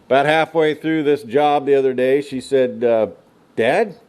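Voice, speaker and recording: A man's voice: mid-range voice, normal speed, a little mellow, clean tone. A middle-aged man from the United States speaking to students, a folksy storyteller joking about ranch life. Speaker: guest speaker. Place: lecture room.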